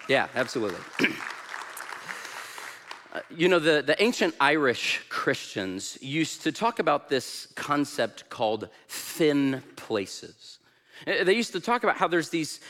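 A man, a guest minister, preaching a sermon with energetic, humorous storytelling that turns earnest. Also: fairly high pitch. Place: church sanctuary. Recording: echoey church hall.

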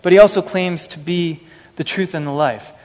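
A man with a fairly high voice preaches an earnest, measured sermon to a congregation. His voice carries a long reverb, as if from a church sanctuary. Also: a little mellow. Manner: earnest, measured, anecdotal asides. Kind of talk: sermon with scripture reading.

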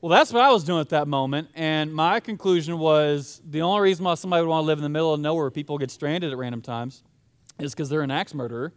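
A man's voice: fairly high pitch, quick pace, clear, resonant tone. A young man preaching a sermon in a casual, storytelling way. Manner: casual, storytelling, conversational with fillers. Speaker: pastor.

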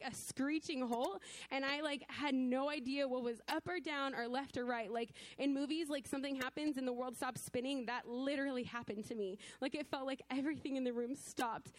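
A woman's voice: high voice, no room sound. A woman in her twenties speaking at church, sharing a personal testimony in a casual, emotional way, full of "like" fillers and nervous laughs.

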